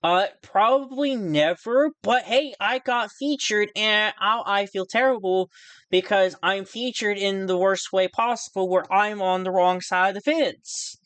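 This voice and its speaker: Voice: mid-range voice, fairly bright tone, clear, resonant tone, dry recording. Nervous stammering YouTuber, dry sound. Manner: nervous, stammering, self-deprecating, with frequent restarts; swears casually. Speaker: YouTuber responding to another creator. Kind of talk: casual rambling video commentary.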